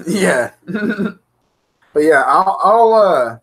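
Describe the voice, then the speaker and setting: A man's voice: sits high, animated, very slow, a bit bright, breathy edge. A man hosting an RC hobby show, chatting casually and goofily with his live-stream viewers. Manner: goofy, laughing, chatty with viewers.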